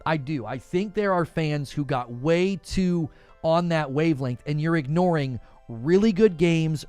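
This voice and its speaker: A man hosting a gaming show from home, chatting live with viewers in an animated, incredulous, rambling way. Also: on the high side, unhurried, clear, resonant tone, dry recording, faint music behind. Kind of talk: live-stream chat answering viewers.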